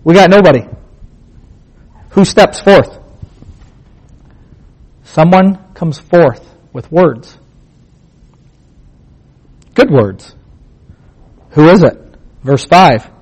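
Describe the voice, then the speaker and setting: A man with a somewhat high voice teaches scripture in a casual sermon. He talks plainly, like he's chatting with friends, but keeps asking questions and repeating his key points for emphasis. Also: expressive, very slow, pauses often, a little mellow, husky, rough recording. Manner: rhetorical questions and emphatic repetition; plain conversational phrasing. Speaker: Bible teacher.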